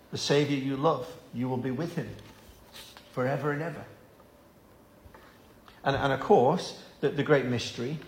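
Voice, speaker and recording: A man's voice: medium pitch, reverberant, slight background noise. A man preaching an evening Bible-study sermon, earnest and given to repeating words as he stresses a point.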